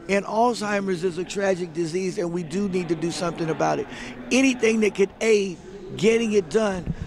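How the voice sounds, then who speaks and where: High gravelly male interviewer. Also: noisy background. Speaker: event interview host. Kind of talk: casual event interview. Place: busy expo floor.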